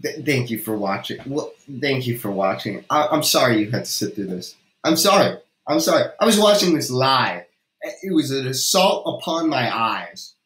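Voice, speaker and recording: A man's voice: mid-range voice, lively intonation, normal speed, fairly bright tone. A man giving ranting game commentary, incredulous, exasperated and dramatic, with lots of swearing. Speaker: video creator. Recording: roomy echo.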